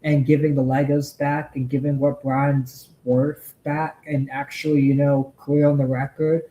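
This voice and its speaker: A man's voice: medium pitch, flat delivery, measured pace, dark tone, roomy sound, dull audio, slight background noise. A man hosting a live stream, angrily ranting and swearing as he reacts to a video. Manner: angry, profane ranting. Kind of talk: heated live commentary.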